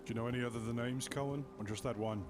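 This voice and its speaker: A man speaking in character as a sheriff in a western role-play, brisk and businesslike. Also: mid-range voice, fairly even intonation, background noise.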